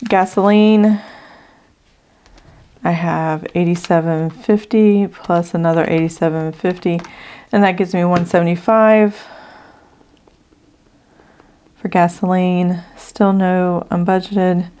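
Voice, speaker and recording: A woman's voice: lowish voice, fairly even intonation, slow pace, pauses often, mellow, clean tone. A middle-aged woman hosting a budgeting channel, thinking aloud as she adds up figures, a little out of breath from allergies. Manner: thinks aloud while adding numbers, with fillers. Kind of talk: casual budget walkthrough.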